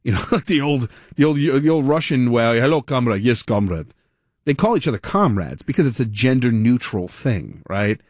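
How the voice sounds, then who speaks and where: A man hosting a political talk radio show, giving animated, rambling, sarcastic commentary. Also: mid-range voice, moderate pace, hardly any pauses, no echo, clean studio sound.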